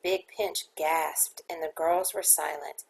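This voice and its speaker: A woman reading a novel aloud as an audiobook, measured and dramatic. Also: sits low, fairly even intonation, vocal fry, slightly rough, low-quality recording. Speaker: audiobook reader. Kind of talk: audiobook narration.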